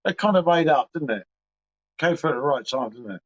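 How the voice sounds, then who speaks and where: On a beer livestream, a man chats casually in sweary, laddish banter. His voice is a little high and expressive, and he talks a little fast. The livestream audio is muffled and lo-fi.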